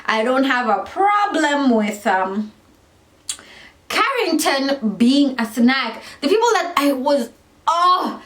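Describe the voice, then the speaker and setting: Chatty woman with a lively, rambling delivery. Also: sits high, slow, reverberant. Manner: animated, rambling, self-correcting, lots of fillers. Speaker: vlogger reviewing a reality show. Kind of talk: casual chatty commentary.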